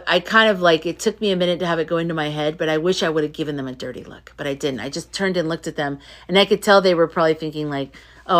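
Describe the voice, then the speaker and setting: A tired woman hosting a casual livestream, chatting as she reads viewer comments aloud and reacts to each one. Her voice sits fairly low for a woman, and she talks in a loose, conversational way. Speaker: livestream host reading chat comments. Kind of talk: casual live-stream chat.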